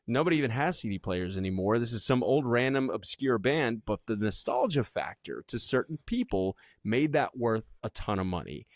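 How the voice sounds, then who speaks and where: A man co-hosting a podcast in casual chat, animated and thinking aloud with restarts. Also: mid-range voice, moderate pace, hardly any pauses, no room sound, clean studio sound. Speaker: podcast co-host.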